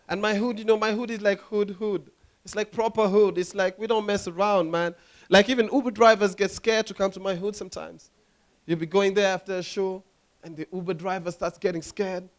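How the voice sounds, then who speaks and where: A young comedian with a high voice works through a stand-up set. His delivery is animated, and he keeps slipping into silly voices and impressions between punchlines. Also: brisk. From Kenya. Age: young adult. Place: comedy club stage.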